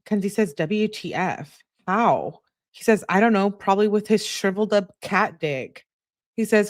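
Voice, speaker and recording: A woman's voice: mid-range voice, a little slow. A woman hosting a true crime channel, reading text messages aloud in an easygoing way and chatting to her viewers between them.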